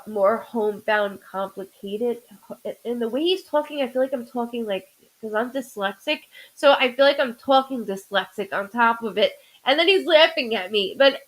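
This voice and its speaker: Woman medium hosting a live stream, slightly higher voice, halting delivery full of pauses and restarts. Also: a bit bright, low-quality recording. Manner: halting, stops to say "hold on" and restarts a lot. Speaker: psychic medium host. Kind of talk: live-streamed psychic reading.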